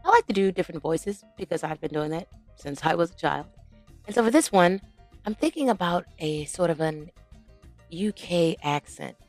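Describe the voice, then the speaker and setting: A young adult woman hosting her channel, chatting casually while reading out social media comments, with drawn-out hums and asides. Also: fairly low pitch, lively intonation, darkish tone, soft background music. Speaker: channel host.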